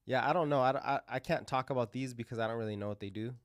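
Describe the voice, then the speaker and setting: Guy hosting a live crypto stream, rambly, lots of ums and restarts, dry close sound, mid pitch. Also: quick pace, clear, resonant tone, no echo. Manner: casual, rambling, many fillers and restarts. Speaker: crypto livestream host. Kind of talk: live chart commentary.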